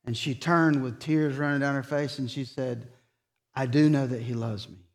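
A man preaching a sermon, retelling conversations as quoted dialogue and dropping soft and slow for solemn points. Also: mid-range voice, fairly even intonation. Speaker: pastor. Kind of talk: sermon storytelling.

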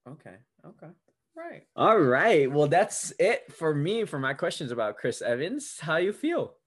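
A man's voice: fairly high pitch, big pitch swings, unhurried, breathy edge. A man co-hosting a podcast in casual chat, quizzing his friend and often laughing. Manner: giggly, teasing quizmaster. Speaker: podcast co-host.

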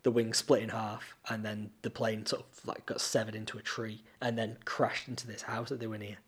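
A man's voice: fairly low pitch, little pitch movement, a little fast, slightly rough. A man, co-hosting a podcast and telling long rambling anecdotes in casual chat, laughing often. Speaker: podcast co-host.

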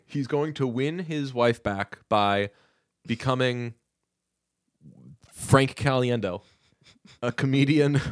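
A man's voice: mid-range voice, no room sound, studio quality. A man co-hosting a podcast in casual chat, joking and reading quotes aloud. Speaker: podcast co-host.

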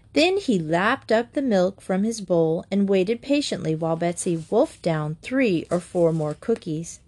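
Woman narrator, mid-pitched, gentle children's-book reading.

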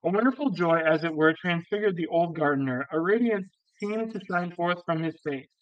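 Reader: man, higher clear voice, steady audiobook narration, dull lo-fi, dry. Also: moderate pace, no room sound. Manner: steady, with occasional slips and restarts. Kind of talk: classic novel reading.

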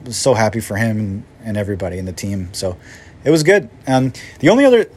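A man's voice: lowish voice, fast talker, slightly rough. A middle-aged man hosting a podcast and telling a personal story in a casual, rambling way that jumps from one thought to the next. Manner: rambling, self-interrupting, animated. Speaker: podcast host.

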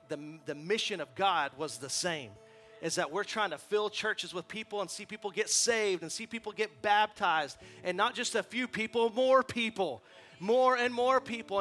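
Male guest pastor, forties, high bright voice, impassioned, stammers at times. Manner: impassioned preaching, builds to loud peaks; stammers on repeated words. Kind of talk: sermon.

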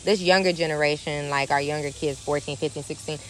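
Earnest woman with a low voice chatting. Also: steady tone, fairly quick, a bit bright, a little hiss or hum, poor audio. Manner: earnest and affirming, frequent "you know". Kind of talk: casual conversation.

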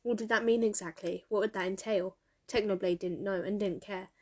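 A woman narrating a story aloud at a middle pitch. Her reading is steady and measured, in the manner of an audiobook. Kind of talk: audiobook reading of fan fiction.

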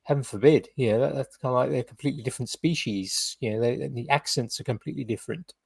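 A man from the UK chatting on a podcast, his voice a little husky and recorded dry and close. He tells loose, rambling stories full of "kind of" and restarts. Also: medium pitch, fast talker, dry recording. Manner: rambling anecdotes with many fillers and restarts. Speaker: podcast co-host. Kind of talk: casual chat.

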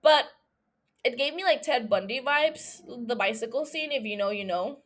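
A woman's voice: fairly high pitch, expressive, normal speed. A young woman hosting a podcast alone, rambling through a profane, giggly rant that jumps from one thought to the next. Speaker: solo podcast host.

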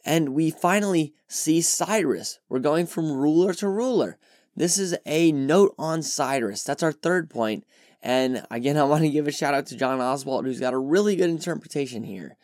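Male podcast teacher, lively pitch, dead-dry close recording, emphatic delivery. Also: moderate pace, no room sound. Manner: earnest and emphatic, voices quoted reactions with animation. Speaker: podcast host teaching scripture.

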